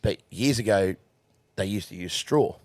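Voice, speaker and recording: A man's voice: lowish voice, moderate pace. A young Australian man, a horse trainer, telling crude stories with lots of swearing and laughter in a casual podcast chat.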